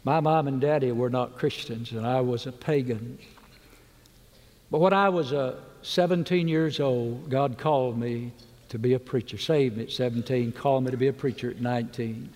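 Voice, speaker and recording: Middle-aged male preacher, earnest pleading altar-call delivery, mid-pitched, recorded in a reverberant large church. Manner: earnest, pleading, drops soft and slow on key words.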